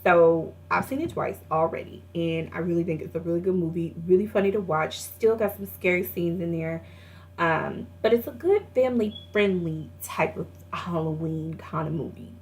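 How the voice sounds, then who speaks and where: A woman's voice: fairly low pitch, moderate pace, a little mellow. A young woman casually reviewing a movie, retelling scenes in a chatty way with lots of fillers and laughter.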